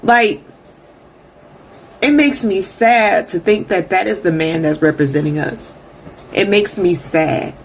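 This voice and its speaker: A woman's voice: medium pitch, takes it slowly, pauses often, a little hiss or hum. A woman giving an earnest, wistful reaction monologue. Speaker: commentator.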